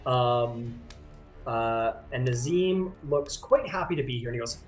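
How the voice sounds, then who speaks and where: A man's voice: mid-range voice, lively intonation, measured pace, faint music behind. A man narrating a tabletop game as game master, casual and rambling. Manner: casual, rambling, many fillers.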